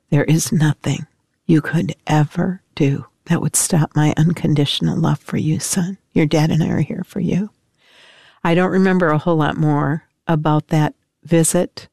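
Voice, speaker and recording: A woman's voice: sits low, a little mellow, smooth, no room sound, studio quality. An older woman giving an emotional personal testimony as an interviewed mother, telling her story in an intense, tearful way.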